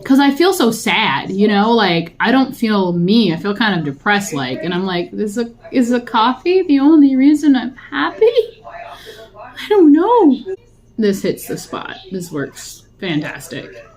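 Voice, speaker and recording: A woman's voice: mid-range voice, sing-song, a little slow. A young adult woman vlogging casually while eating, rambling and chatty, often laughing.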